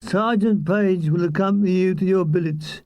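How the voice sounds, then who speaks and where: A man's voice: high-pitched, moderate pace, a little mellow, no room sound, lightly acted. An older man playing a stiff, polite army entertainment officer.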